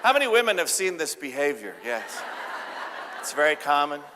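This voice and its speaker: A man giving a live keynote talk, playful and joking, getting the audience to shout out answers. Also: fairly high pitch, sing-song, moderate pace, crowd noise, noisy background. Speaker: keynote speaker. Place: large event hall with audience. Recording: live hall with reverb.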